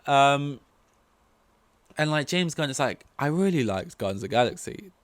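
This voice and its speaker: A man's voice: medium pitch, sing-song, fast talker, dry recording. A man hosting a solo podcast, rambling casually through opinions with lots of fillers and swearing. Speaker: podcast host.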